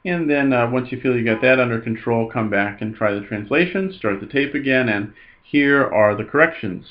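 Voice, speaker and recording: A man teaching a Greek grammar lesson, explaining in an unhurried way with frequent "uh" fillers. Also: mid-range voice, highs cut off.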